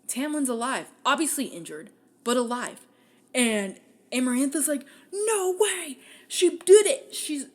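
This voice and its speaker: Young woman, podcast host, casual book recap, animated, swears a lot, acts out lines. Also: mid-range voice.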